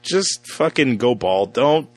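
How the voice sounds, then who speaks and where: A man's voice: medium pitch, animated, takes it slowly. A man co-hosting a casual movie podcast, wry and laid-back with some swearing. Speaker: podcast co-host. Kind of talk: casual movie review chat.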